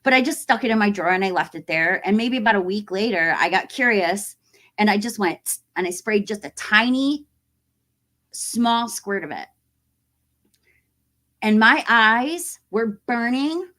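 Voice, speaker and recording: A woman in her forties chatting casually to camera as a horror YouTuber, animated and acting out other people's voices as she tells a story. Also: mid-range voice, measured pace. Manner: animated, acts out quoted voices.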